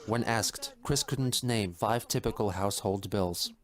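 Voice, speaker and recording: A man's voice: lowish voice, measured pace. A man reading scripted documentary narration in a matter-of-fact way.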